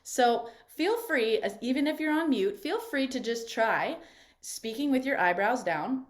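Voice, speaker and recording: Fairly high-pitched and expressive, she speaks a little slowly. She's a voice coach leading a live workshop on a video call, encouraging and conversational, frequently asking "right?".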